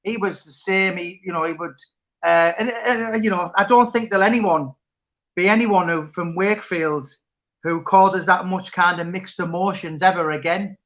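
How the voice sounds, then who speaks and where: Man, high voice, interviewer, rambling, restarts, dull lo-fi audio. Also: normal speed, a bit bright. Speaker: interviewer and author. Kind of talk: casual chat.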